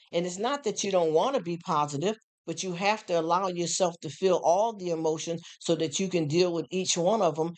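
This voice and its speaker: A middle-aged livestream host chatting casually with viewers in a frank, emphatic way, full of repeated affirmations and rhetorical questions. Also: mid-range voice. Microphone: streaming setup.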